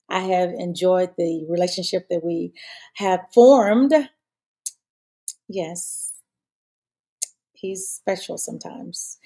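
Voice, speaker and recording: A woman's voice: fairly low pitch, vocal fry, dark tone, slightly rough. A woman hosting her own talk show, chatting casually and rambling with many fillers and restarts. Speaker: show host. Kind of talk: casual live-show chat.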